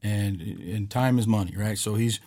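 A low-voiced man telling a long story on a podcast in a relaxed, rambling way. He keeps stopping to check in with "right?" as he goes. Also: moderate pace. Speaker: podcast host. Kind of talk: casual storytelling.

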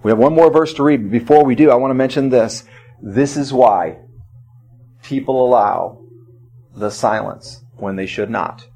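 A man preaching a sermon as pastor, swinging from loud emphatic cries to low quiet asides. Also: moderate pace.

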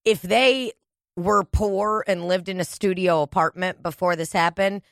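A woman's voice: fairly low pitch, fairly even intonation, unhurried, a bit bright, no room sound. Woman podcast cohost, rambly and sweary, dry close sound. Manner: crude, rambling, swears a lot. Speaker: podcast co-host. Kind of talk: casual podcast chat.

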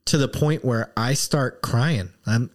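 A man's voice: medium pitch, takes it slowly. A man in his thirties hosting a podcast, talking candidly and a bit rambling in a casual conversation. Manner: candid, rambling, emotional at times. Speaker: podcast host.

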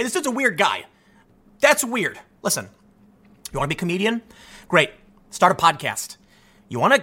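A man's voice: high-pitched, pushed and bright. A man hosting a political commentary show, ranting in an exasperated, sarcastic way.

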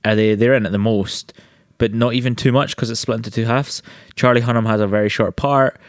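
A man's voice: medium pitch, fairly even intonation, a little fast, clear, resonant tone, dry recording, studio quality. A man co-hosting a film podcast in casual chat, blunt and sweary, teasing his friends. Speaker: podcast co-host.

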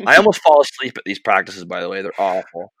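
A young man telling an animated, profane story about his hockey days in casual chat. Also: low voice, fast talker, no room sound. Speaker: podcast host, former hockey goalie.

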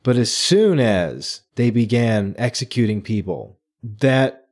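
A man with a mid-range voice chatting casually on a podcast. He retells scenes animatedly, slipping into quick acted-out lines and laughing as he goes. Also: mid-range voice, animated, darkish tone. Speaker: podcast co-host. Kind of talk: casual book discussion.

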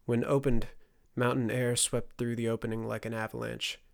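A man narrating a fantasy audiobook in a steady storytelling delivery. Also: medium pitch, moderate pace, gravelly.

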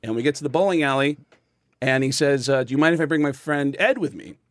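A man's voice: medium pitch, fast talker, no echo. A comedian guest in a studio, telling a casual story with many fillers and restarts, acting out the people he quotes.

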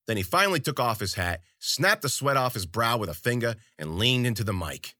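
A man's voice: medium pitch, very animated, a little fast, sharp tone, no room sound. Wry, profane male storyteller, dry studio. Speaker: audiobook narrator. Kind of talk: first-person storybook narration.

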